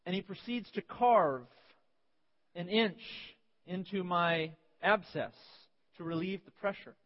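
Male pastor, high-pitched, animated storyteller, muffled sound with long hall reverb. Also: takes it slowly. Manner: animated, acts out scenes with sudden yelps. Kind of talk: sermon with personal storytelling. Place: church sanctuary.

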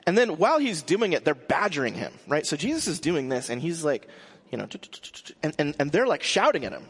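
A man preaching a sermon in a casual way, often restarting and filling pauses. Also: fairly high pitch, very animated, husky, in a large hall. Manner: conversational with frequent restarts and fillers. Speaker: pastor.

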